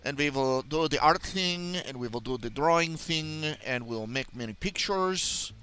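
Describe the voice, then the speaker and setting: A man's voice: fairly high pitch, expressive, unhurried, bright, forceful tone. A man hosting a casual live stream by himself, rambling playfully with silly mock grammar and muttering to himself as he fiddles with settings.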